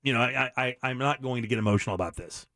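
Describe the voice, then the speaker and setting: Racing along with a sharp tone, a middle-aged radio host speaks in a medium pitch. He's blunt and earnest in his candid monologue, frequently starting over, and the recording is dry, clean studio sound.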